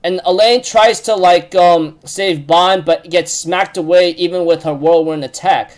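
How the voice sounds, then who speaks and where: A man with a notably high-pitched voice talks through a casual recap. He rambles, leans on fillers and often breaks into laughter. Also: fairly even intonation, measured pace. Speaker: recap host.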